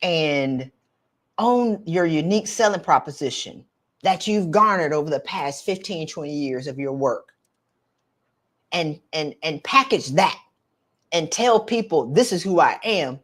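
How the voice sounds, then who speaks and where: A middle-aged woman, coaching viewers in an animated, direct, slangy way on a live stream. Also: low voice. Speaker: career coach for women.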